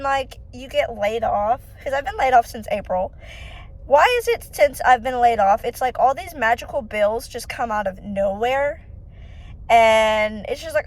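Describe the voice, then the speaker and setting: A woman's voice: high voice, moderate pace, low-quality recording. A young woman vlogging from her car, venting in a rambling, frustrated way and quoting her own thoughts aloud. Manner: frustrated, rambling, talks to herself with quoted asides. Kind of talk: casual vlog venting. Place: in a car, driving. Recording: loud road and car noise. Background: car and traffic noise.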